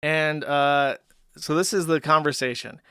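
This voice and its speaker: A man's voice: fairly high pitch, fairly even intonation, a little slow, bright, forceful tone, clean tone, no echo, clean studio sound. Sarcastic, profane ranting man. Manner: profane, sarcastic, frequent fillers. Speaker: commentary host. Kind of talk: ranting stream commentary.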